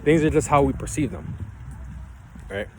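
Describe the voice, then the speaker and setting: A man's voice: on the high side, animated, normal speed, warm tone, slight background noise. Rambling man vlogging outdoors. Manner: loose and rambling, keeps asking "right?" and "you feel me?". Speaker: vlogger giving life advice. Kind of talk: casual motivational talk to camera. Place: outdoors, ground with leaves.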